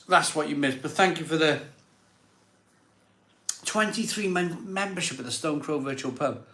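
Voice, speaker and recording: A man's voice: on the high side, normal speed, pauses often, pushed and bright. A man hosting a live stream who reads out viewer messages and says his thanks with emotion, repeating words over and over. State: emotional, catching his breath. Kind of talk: casual live stream chat. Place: home room set up as a virtual pub. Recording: echoey room.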